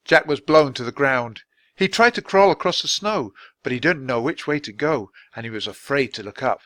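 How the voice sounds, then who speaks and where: Expressive man reading a children's book. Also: medium pitch, moderate pace, dry recording. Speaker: storyteller. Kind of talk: children's book read-aloud for learners.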